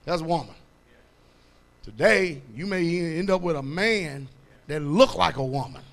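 High-voiced preacher, loud and emphatic. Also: male voice, expressive, a little slow. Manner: rising to loud emphatic preaching, quizzing the congregation with "what?"; colloquial, folksy and blunt. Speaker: pastor. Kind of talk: sermon.

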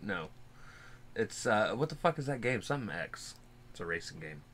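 A man's voice: lowish voice, very animated, normal speed, a bit bright, slight background noise. A man co-hosting a music reaction video, talking loosely and rambling through a late-night chat while wearing a face mask. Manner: loose and rambling, swears casually, fidgety. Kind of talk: casual chat reacting to a song.

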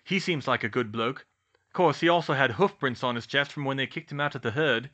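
A man's voice: medium pitch, a little fast, pushed and bright, highs cut off. A man voicing a friendly, easygoing teenage boy wizard.

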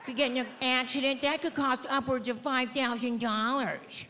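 A woman's voice: high voice, steady tone, moderate pace. A woman comedian putting on a prim shelter worker who lectures in a patronizing tone. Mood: condescending. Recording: reverberant hall, loud audience noise.

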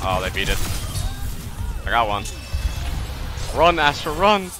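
A young man streaming a game, swinging between mock-sincere talk and loud excitement. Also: medium pitch, measured pace. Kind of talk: live game stream chat. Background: game music.

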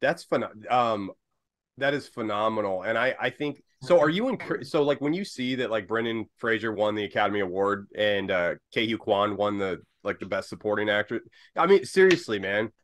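A man's voice: on the low side, expressive, moderate pace, a bit bright. A man co-hosting a podcast interview, chatting casually and with enthusiasm, calling his guest dude and man. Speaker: podcast co-host.

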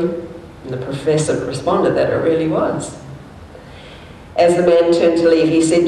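A woman's voice: steady tone, moderate pace, dark tone. A woman minister giving a conversational sermon, telling anecdotes and stories and animating the quoted speech. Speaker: minister, speaker. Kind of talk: sermon with storytelling. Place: church hall. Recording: echoey hall from far off, faint rumble.

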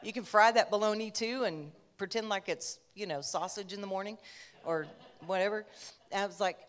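A woman's voice: medium pitch, a little fast. A woman preacher giving a conversational sermon, telling a personal story with chatty asides.

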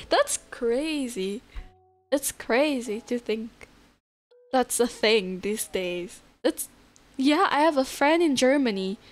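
A high-pitched female live streamer chats casually with her viewers, relaxed and talkative. She laughs a lot and responds to messages from chat.

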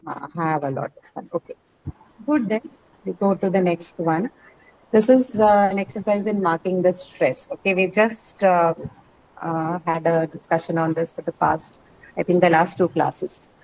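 A woman's voice: on the low side, normal speed, darkish tone, a little hiss or hum, rough recording. A woman English teacher taking an online class, explaining word stress patiently and confirming answers with "correct" and "that's right".

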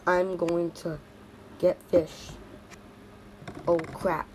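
Low, flat-voiced female toy narrator. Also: very slow, a little hiss or hum. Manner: repetitive, sing-song toy voices. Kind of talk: playful toy stop-motion narration.

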